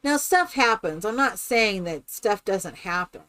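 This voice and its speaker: A woman's voice: mid-range voice, expressive, a little slow, a bit bright, dry recording. A woman chatting casually and rambling with many fillers while she builds in a game on a live stream.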